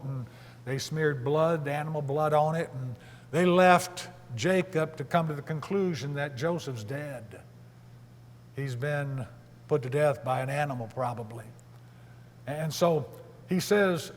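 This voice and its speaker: Man, preacher, sermon, unhurried, emphatic, rhetorical questions. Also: a little high, big-room sound. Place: church service hall.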